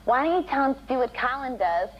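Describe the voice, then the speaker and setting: A woman comedian on a panel show, giving joke advice in a dry, deadpan, sarcastic way. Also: sits high, fast. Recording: muffled TV audio with faint noise.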